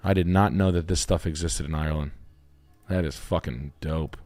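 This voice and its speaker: A man hosting a live stream and reviewing house listings in casual chat, excitable and full of profanity as he jokes and riffs. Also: very deep voice, normal speed. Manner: excitable, heavily profane, jokey riffing. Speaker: realtor and stream host.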